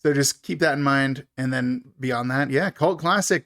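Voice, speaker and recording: His mid-range voice has a fairly bright tone and a moderate pace. As a podcast co-host, he discusses a horror movie in easygoing review chat, with frequent laughter.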